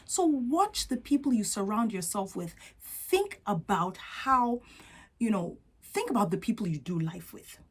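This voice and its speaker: An earnest woman with a non-native accent coaches her audience on confidence in a motivational talk. Her voice sits at a medium pitch, and she keeps checking in with the listener. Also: fairly bright tone. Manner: earnest, coaching, often asks "right?".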